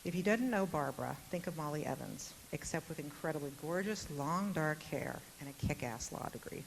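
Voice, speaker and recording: A woman's voice: sits low, animated, brisk, gravelly. A woman moderating a university panel, speaking in a witty, chatty way with some fillers. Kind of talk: public talk. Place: lecture hall. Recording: noisy hall recording with hiss.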